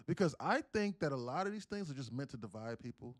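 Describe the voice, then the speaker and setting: A young man from South Carolina talks casually on a live trading stream, sarcastic and wandering, tripping over restarts. His voice sits in a middle pitch, recorded dry and close with no room echo. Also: big pitch swings, fast, hardly any pauses. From South Carolina, USA. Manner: sarcastic, rambling, many restarts. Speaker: day trader and live streamer.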